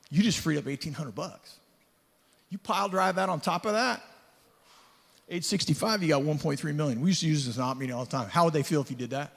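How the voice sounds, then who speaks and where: A man's voice: a little high, husky. A man giving a sales talk at a conference, running through loan numbers and telling stories with acted-out dialogue. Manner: punchy storytelling, acts out dialogue. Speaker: conference speaker. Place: large conference hall. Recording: echoey hall reverb.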